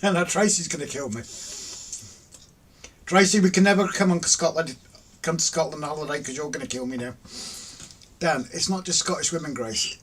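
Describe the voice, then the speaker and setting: A man's voice: on the high side, fairly quick, long pauses, fairly bright tone. Jokey middle-aged man hosting a live stream. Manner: jokey, teasing, laughs often. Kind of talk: casual live stream chat reading comments. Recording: distant mic with faint ambient noise.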